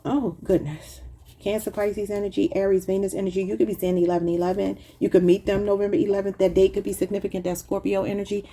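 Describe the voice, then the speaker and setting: Talking straight to the camera, a tarot reader keeps her reading easy and chatty, often laughing at what she's just said. She speaks at a quick pace in a level, mid-range tone that's mellow with a touch of huskiness.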